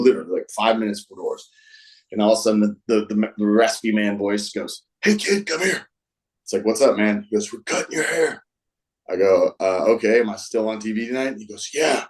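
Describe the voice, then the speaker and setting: Lower-voiced guy filling in as podcast host, just chatting thru old stories. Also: darkish tone, rough recording. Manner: recounts stories, acting out quoted dialogue. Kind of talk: casual storytelling.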